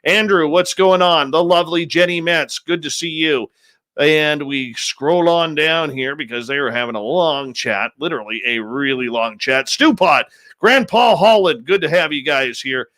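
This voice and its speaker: A man hosts a live radio show from his home studio, reading out listener names with playful, stretched-out announcer flair. His voice sits a touch high and sounds bright and forceful, recorded close and dry. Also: no room sound. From Canada. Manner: upbeat, playful, drawn-out announcer emphasis. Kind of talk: live show roll call and greetings. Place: home studio in British Columbia.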